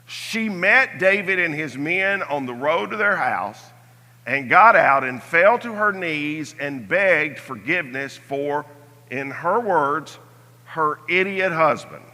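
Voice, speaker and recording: An older man teaches a Sunday Bible class, slow and measured, and his voice drops soft on the key phrases. His tone is bright and sharp-edged and sits a little high for a man. The sound carries a long church-hall reverb. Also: animated.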